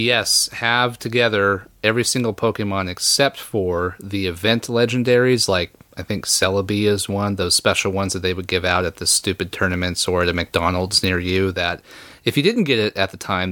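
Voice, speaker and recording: A very deep-voiced man talks as a podcast guest, enthusiastic and full of detail, with crude asides. His tone is bright and forceful, and he sounds close and dry on the mic. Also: no room sound. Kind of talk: casual chat.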